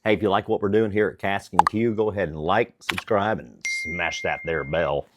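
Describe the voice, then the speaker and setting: A man hosting a barbecue cooking vlog outdoors in the snow, relaxed and enthusiastic, chuckling often and feeling the cold. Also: low voice, normal speed, heavy background noise. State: cold from the weather. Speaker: barbecue cooking channel host.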